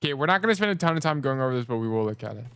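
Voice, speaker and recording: A man's voice: mid-range voice, expressive, racing, a bit bright, clean tone. Rambling, joking man coaching on stream. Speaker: game coach. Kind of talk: casual livestream coaching commentary.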